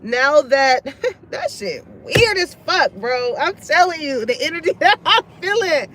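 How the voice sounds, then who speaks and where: Woman, high voice, casual tarot reading, profane, blunt, laughs a lot. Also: sing-song, measured pace, fairly bright tone, a little hiss or hum, rough recording. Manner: blunt, profane, laughs often, acts out others' lines. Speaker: tarot reader. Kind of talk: casual spoken reading to viewers.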